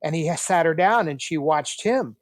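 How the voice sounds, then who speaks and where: Here an older man in his sixties sits for a storytelling interview, animatedly acting out the dialogue from his family stories. His voice runs a little high at a normal pace, recorded dry with studio quality.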